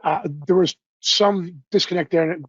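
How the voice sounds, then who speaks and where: A man giving an informal, unscripted software demonstration in an online webinar, apologetic at times. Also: sits high, fairly even intonation, normal speed, slightly rough, dry recording, muffled recording. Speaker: software presenter. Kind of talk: live software demo webinar.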